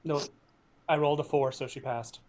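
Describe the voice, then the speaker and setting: A man speaking as a player in a tabletop game, talking in a halting, hesitant way. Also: a little high, fairly even intonation, darkish tone.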